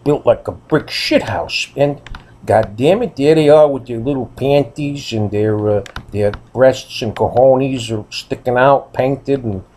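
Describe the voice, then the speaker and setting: A man tells a casual, rambling story straight to camera. He is blunt and salty, with plenty of fillers and asides. His tone is dark and mellow. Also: medium pitch, measured pace. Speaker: vlogger.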